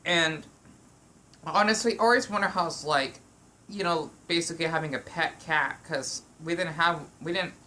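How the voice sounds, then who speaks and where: A woman talks while she eats at home, wandering from thought to thought and often restarting her sentences. Her voice sits fairly low but has a bright, sharp edge. The delivery is loose and casual, as if chatting to a friend. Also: normal speed. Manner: meandering, with frequent restarts and fillers. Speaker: vlogger. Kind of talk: rambling eating vlog.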